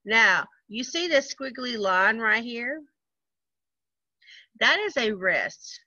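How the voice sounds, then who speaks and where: A woman's voice: on the high side, lively intonation, slow pace, bright, forceful tone, no room sound, lo-fi sound. A woman teaching an online music lesson to young children, patiently counting rhythms aloud in a sing-song way. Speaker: first grade music teacher.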